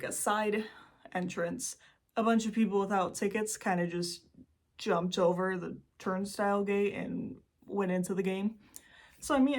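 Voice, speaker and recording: A woman's voice: mid-range voice, darkish tone. A young American woman hosting her own channel, telling a story in a chatty, rambling way with giggles and asides. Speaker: host. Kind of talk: casual storytelling vlog.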